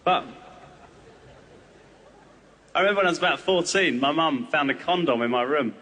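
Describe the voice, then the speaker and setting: Bright-voiced man doing surreal stand-up. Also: a little high, animated, fast. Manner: whimsical, rambling, jumping into silly character voices. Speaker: stand-up comedian.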